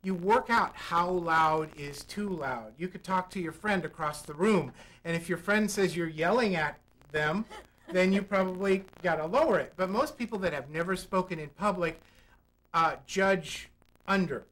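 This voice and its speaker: This man's voice sits high and sounds a bit bright, delivered at normal speed over a rough recording. As a public speaking coach on a local TV studio talk show, he explains technique and acts out examples to demonstrate.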